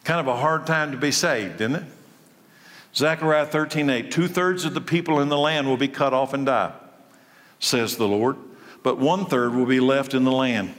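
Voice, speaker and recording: A man preaching a sermon, his delivery lively and swinging between loud and soft. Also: medium pitch, moderate pace. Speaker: pastor. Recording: long hall reverb.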